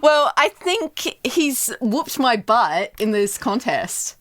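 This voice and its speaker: A woman podcast host with a lively, bouncing intonation. She is giggly and enthusiastic. The sound is dry and close. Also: fairly high pitch, slow, no echo. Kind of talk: casual interview chat.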